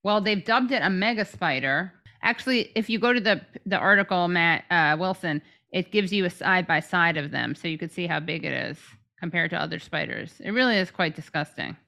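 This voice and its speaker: A woman's voice: on the low side, fairly quick, gravelly, bright, forceful tone. A woman co-hosting a podcast, chatting casually and jokily about odd news stories. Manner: jokey, puts on accents mid-story. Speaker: podcast co-host.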